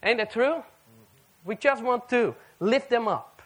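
A man preaching a sermon to a live audience, animated and firing rhetorical questions at the listeners. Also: very high-pitched, measured pace.

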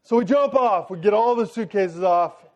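High-voiced man telling a story. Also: normal speed, dull audio. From United States. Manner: animated storyteller, talks to the audience directly. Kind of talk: storytelling sermon to a congregation.

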